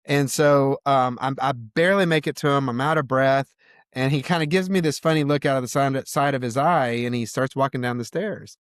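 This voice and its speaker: A man's voice: mid-range voice, fairly quick, no echo, clean studio sound. A man from Georgia, a podcast guest, telling a casual story with lots of fillers. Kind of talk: storytelling in a conversation.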